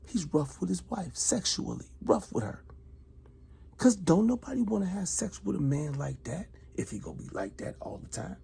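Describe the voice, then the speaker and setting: A middle-aged man, a retired soldier, delivering a heated, accusatory monologue aimed at one person, repeating himself and swinging between loud outbursts and hushed asides. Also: high-pitched, big pitch swings, normal speed, creaky, husky.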